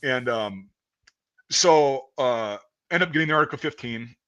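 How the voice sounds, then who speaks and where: Bright-voiced man swearing through a story. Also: mid-range voice, animated, a little slow, rough recording. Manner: rambling and profane, with many restarts. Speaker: guest storyteller. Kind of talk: casual chat, telling a story.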